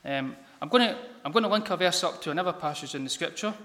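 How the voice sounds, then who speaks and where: Halting man preaching in a reverberant hall. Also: a little high, animated, a bit bright. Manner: halting, many ums and repeated words. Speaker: lay preacher. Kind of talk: informal gospel sermon. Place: church hall.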